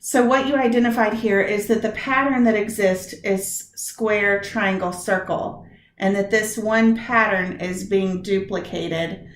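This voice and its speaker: A woman teaching a recorded video lesson to her high school English class, talking straight to the students and drawing out her spoken examples. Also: steady tone, echoey room. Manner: chatty, direct address to students, drawn-out examples. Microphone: computer mic.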